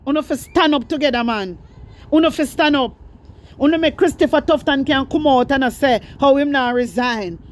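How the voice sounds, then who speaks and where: A woman's voice: high-pitched, moderate pace. A woman with a Jamaican accent giving impassioned political commentary, scolding and repeating herself as she speaks straight to her viewers. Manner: fiery, repetitive, scolding, addresses viewers directly.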